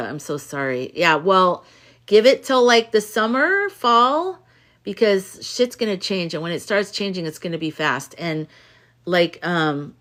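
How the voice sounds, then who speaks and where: A woman's voice: on the low side, a bit bright. A woman hosting a casual livestream from a room at home. She talks to her viewers, reads their chat aloud, rambles and swears freely. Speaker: livestream host. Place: home room with hanging lights.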